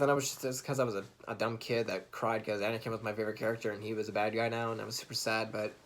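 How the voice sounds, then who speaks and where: A young man speaks casually into his camera, an earnest fan retelling a film. His voice sits at a middle pitch, and he restarts his sentences and laughs now and then as he talks. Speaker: vlogger. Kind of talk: casual vlog monologue.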